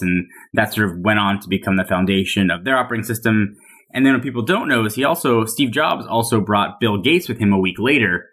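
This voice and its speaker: A man's voice: fairly low pitch, slightly rough. A man guest on a tech podcast, talking casually and animatedly with many "like"s and restarts. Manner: animated, filler-heavy storytelling.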